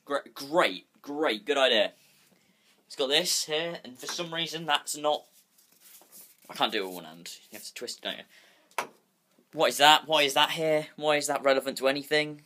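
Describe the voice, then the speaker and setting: Filming himself on a handheld phone in his bedroom, a young man delivers a rambling, restless casual vlog full of swearing. His medium-pitched voice is animated and sharp, moving at normal speed with frequent pauses.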